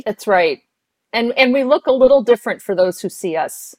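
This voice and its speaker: A woman career coach co-hosting a casual podcast, calm and agreeable in her replies. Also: fairly high pitch, moderate pace, no echo. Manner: calm, agreeable, short affirmations. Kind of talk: casual video podcast chat.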